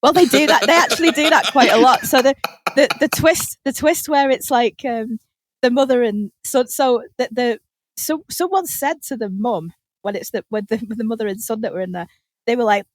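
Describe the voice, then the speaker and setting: A woman with a fairly high voice, chatting on a podcast. She rambles through animated stories and acts out the lines people said. The sound is close and dry. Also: normal speed, no echo. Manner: animated rambling storyteller, acting out quotes. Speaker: podcast co-host. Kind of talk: casual chat. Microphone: podcast microphone.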